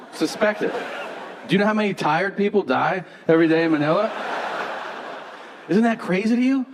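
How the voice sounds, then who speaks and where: A man doing a stand-up comedy set on stage, telling stories in a deadpan way and acting out both sides of the dialogue. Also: on the high side. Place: theater stage before a live audience. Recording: live show with crowd noise. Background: audience laughter.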